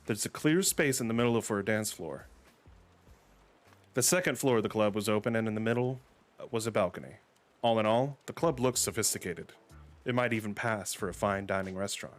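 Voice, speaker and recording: A man reading an amateur story aloud, with casual, deadpan asides. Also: fairly low pitch, brisk, soft background music.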